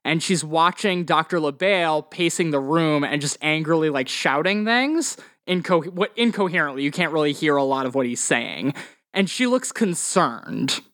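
A man's voice: a little high, animated, normal speed, a bit bright. A man running a tabletop game as game master, explaining rules patiently and narrating scenes.

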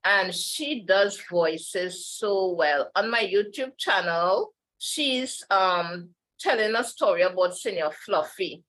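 A woman's voice: medium pitch, animated, takes it slowly, hardly any pauses, a bit bright, low-quality recording. Chatty woman guest. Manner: chatty, meandering, laughs often. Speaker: podcast guest. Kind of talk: casual interview chat.

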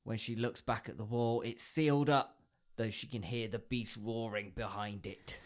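A man's voice: lowish voice, steady tone, moderate pace. A man co-hosting a podcast, recapping a horror film plot in a jokey, casual way and laughing often. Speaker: podcast co-host.

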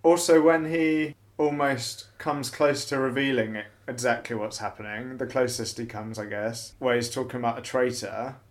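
A man thinking aloud in a casual group discussion, animated and given to acting out what others might say. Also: mid-range voice, moderate pace, few pauses. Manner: thoughtful, animated, acts out voices.

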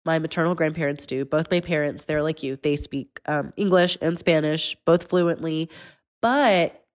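Brief: woman host, 30s, lowish voice, earnest, personal. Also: normal speed. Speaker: podcast host. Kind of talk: conversational interview.

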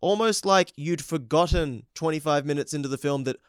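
A man's voice: on the high side, brisk, clean tone, no echo, clean studio sound. A man co-hosting a casual film review chat, recapping the plot bluntly and with plenty of swearing. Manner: blunt, profane, laughing as he recaps.

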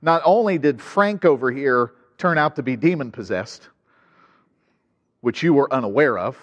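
Conversational preacher in a reverberant hall. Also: male voice, mid-range voice, expressive, normal speed, dull audio. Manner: conversational preaching with asides and rhetorical questions. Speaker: pastor. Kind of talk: sermon.

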